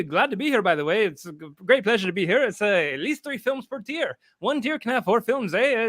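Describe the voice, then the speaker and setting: A man's voice: very high voice, a bit bright, no room sound, clean studio sound, voice pushed up. A man putting on a cheery North Pole character named North Paul, with a wobbly mock Canadian accent and a tag of 'eh' on his lines. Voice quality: wandering mock accent ending each line with 'eh'.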